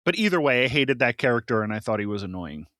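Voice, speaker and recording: A man's voice: medium pitch, big pitch swings, fast talker, a bit bright, no echo, clean studio sound. A man co-hosting a casual podcast, giving blunt opinions with a wry chuckle. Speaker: podcast co-host. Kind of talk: casual chat.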